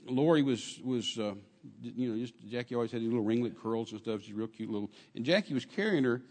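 A man preaching a sermon in an animated way, acting out quotes and dropping at times to a soft murmur. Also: medium pitch, brisk, long reverb tail. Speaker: pastor.

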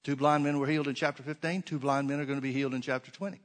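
A man's voice: mid-range voice, fairly even intonation, very fast. Man preaching with emphatic scripture reading. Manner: reads scripture aloud, rising to emphatic stresses, drops to soft asides. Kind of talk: sermon.

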